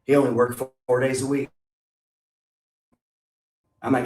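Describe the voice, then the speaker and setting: A man's voice: mid-range voice, little pitch movement, a little slow, darkish tone. A middle-aged man giving a blunt, profane motivational talk on investing, full of rhetorical questions. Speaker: investing coach. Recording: echoey room, distant from mic.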